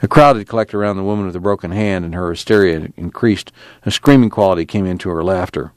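A man with a somewhat low voice narrates a novel at an even, measured pace. The recording is close and dry, with no room sound. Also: no echo. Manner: steady, measured storytelling. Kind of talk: audiobook narration.

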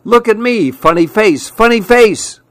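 A man's voice: sits high, lively intonation, measured pace, a bit bright, no echo, voice pushed up. A man doing an eager little chameleon. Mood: pleading. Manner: cheery, calling out for attention. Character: friendly show-off male chameleon, small and eager.

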